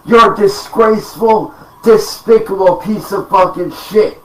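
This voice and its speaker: A man's voice: sits high, a little slow, a bit bright, recorded from a distance. A man in an angry, profane rant to camera, threatening and emphatic, recorded at home. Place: home room. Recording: roomy sound, off-mic.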